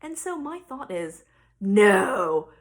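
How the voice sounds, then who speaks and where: A woman in her thirties, a mother casually telling a story to camera, animated and exasperated as she acts out the conversation. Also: sits high, moderate pace. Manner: animated, exasperated retelling with quoted dialogue.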